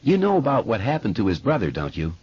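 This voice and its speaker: A man's voice: lowish voice, huge pitch swings, fast, slightly rough, no room sound, highs cut off, voice pushed up, exaggerated voice. A man voicing a fretful, chatty eleven-year-old boy with asthma, in an audiobook.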